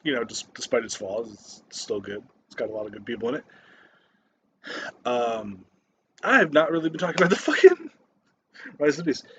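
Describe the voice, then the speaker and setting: A man's voice: mid-range voice, expressive, moderate pace, gravelly, pauses often, fairly bright tone, slight background noise. A man giving a casual, rambling movie review, swearing constantly and stopping often for fillers and restarts.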